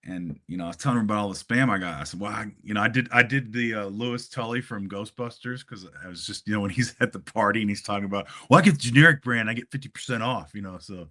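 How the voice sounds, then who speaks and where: This man grew up in Hawaii and talks in a bright, punchy, slightly low voice. He rambles through a story for a friend, stacking fillers and little laughs. It sounds like a casual podcast chat. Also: fast talker, hardly any pauses. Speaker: podcast co-host.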